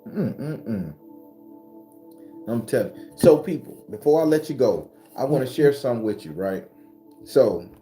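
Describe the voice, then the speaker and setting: A man in his forties giving a casual, profane motivational talk as host of his spiritual channel, often climbing to a high excited pitch. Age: 40s.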